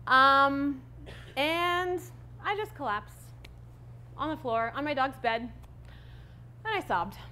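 A woman's voice: a little high, fairly bright tone, slight background noise. A woman in her thirties giving a conference talk on stage, candid and conversational with many fillers. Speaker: conference speaker.

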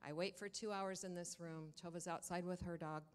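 A woman telling a congregation a personal story in a lively way, acting out the dialogue as she goes. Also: fairly low pitch, moderate pace, clean tone, long reverb tail. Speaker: church member giving a testimony. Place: church sanctuary.

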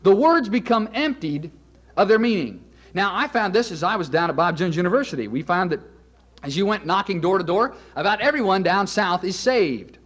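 A man preaching a sermon as an evangelist, emphatic, repeating key phrases slowly for weight. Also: high-pitched, animated, a bit bright.

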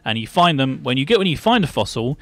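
A man's voice: mid-range voice, big pitch swings, fast talker, a bit bright, no room sound. A man hosting a casual Minecraft gameplay chat, explaining things step by step with lots of fillers. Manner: chatty, laughing, explains step by step. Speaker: host.

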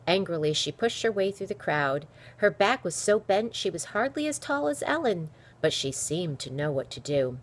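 Woman reader, low-pitched, animated delivery, children's chapter book read-aloud. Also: moderate pace, hardly any pauses. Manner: expressive storytelling. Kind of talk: reading a children's novel aloud.

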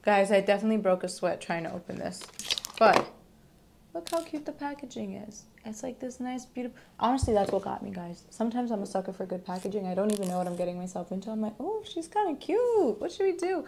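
A young woman chats to her viewers, upbeat and enthusiastic. Her voice sits at an everyday middle pitch, and a faint hiss runs underneath. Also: fast, gravelly. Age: young adult. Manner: chatty, enthusiastic, addresses viewers as guys. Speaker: vlogger. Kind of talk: casual beauty product talk to camera.

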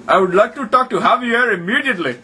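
A man's voice: very high voice, animated, fast talker, sharp tone, a little hiss or hum. A man making a prank phone call in an indignant, demanding, mock-serious manner. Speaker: prank caller.

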